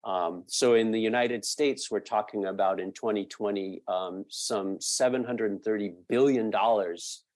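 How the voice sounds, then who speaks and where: A man being interviewed as a guest, explaining a point at length with frequent pauses and fillers. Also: fairly low pitch, a little mellow, no room sound. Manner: thoughtful, halting with many fillers. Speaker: podcast guest, media researcher.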